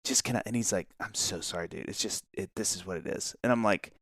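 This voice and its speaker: A man co-hosting a podcast, telling a long story in an animated way, acting out the voices of the people in it and laughing often. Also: lowish voice, fast talker, slightly rough, no echo, studio quality. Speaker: podcast co-host. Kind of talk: casual storytelling chat.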